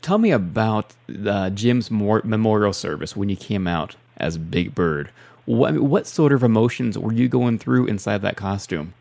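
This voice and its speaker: A man with a fairly low voice asks his questions earnestly. He leans into personal, feeling-focused questions as an interviewer. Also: expressive, moderate pace, gravelly, a little mellow.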